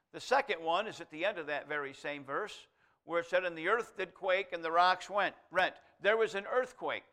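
Man preaching with rising fervor. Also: on the high side. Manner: swings from quiet aside to loud emphatic proclamation; reads scripture aloud in King James wording. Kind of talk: sermon.

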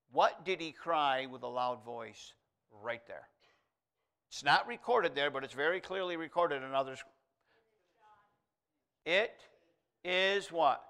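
Man preaching with rising fervor. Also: a little high. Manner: swings from quiet aside to loud emphatic proclamation; reads scripture aloud in King James wording. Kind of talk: sermon.

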